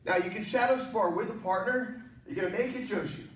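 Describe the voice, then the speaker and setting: High-voiced, joking martial arts instructor. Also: male voice, fast talker. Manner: energetic, joking, encouraging coaching. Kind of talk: online workout class instruction. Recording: echoey room, mic at a distance, faint noise.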